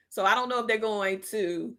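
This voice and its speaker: Sassy woman with a gravelly, bright voice. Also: on the high side. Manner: sassy and blunt, slangy talk with "child", "honey", "okay?". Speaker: host of a live political talk stream. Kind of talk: casual livestream commentary, reading and answering viewer chat.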